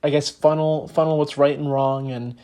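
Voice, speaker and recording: A man's voice: a little high, steady tone, moderate pace, warm tone, clean tone. Young man with a slight lisp. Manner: earnest, explanatory, with frequent fillers. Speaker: podcast host. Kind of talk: casual podcast talk.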